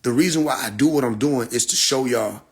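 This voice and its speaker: Brash, profane man ranting with a husky voice. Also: medium pitch, brisk. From Atlanta. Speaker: livestream host. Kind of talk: casual livestream rant. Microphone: phone.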